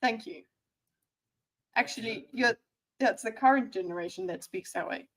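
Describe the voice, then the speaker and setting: A woman's voice: a little high, normal speed, fairly bright tone, poor audio. A woman in her thirties, a streamer giving sarcastic, teasing live reaction commentary. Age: 30s.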